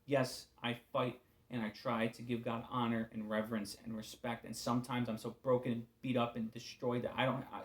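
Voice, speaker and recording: A man giving an informal devotional talk as a preacher, casual and candid, weary and subdued, often trailing off into quiet asides. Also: medium pitch, level tone, a little fast, few pauses.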